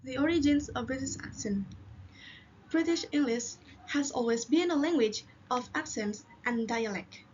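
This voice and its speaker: High-voiced woman presenter from Indonesia. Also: a little mellow. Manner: reading, with halting restarts. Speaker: linguist presenter. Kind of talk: classroom presentation. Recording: slightly muffled, faint hiss.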